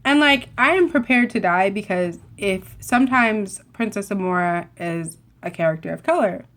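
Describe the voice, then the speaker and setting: A young woman chatting to camera, telling a rambling, animated story full of asides and self-corrections. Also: medium pitch, moderate pace. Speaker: vlogger.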